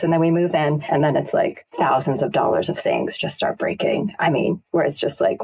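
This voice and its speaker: Husky-voiced woman host telling a story. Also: low-pitched, moderate pace, few pauses, a little mellow. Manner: reflective personal storytelling. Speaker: podcast co-host. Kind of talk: podcast conversation.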